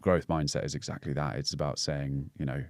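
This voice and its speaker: A man with a Scouse accent and a very low, deep voice, speaking in a casual podcast chat. He explains ideas in a reflective way, full of fillers and restarts. The sound is dry and close. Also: level tone, a little fast, darkish tone, no echo. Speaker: podcast guest, breathwork coach.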